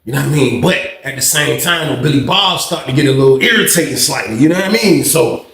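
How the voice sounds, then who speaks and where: A man telling a storytime vlog tale, animated and profane, acting out the dialogue. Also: medium pitch, fast talker, vocal fry, echoey room. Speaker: vlogger.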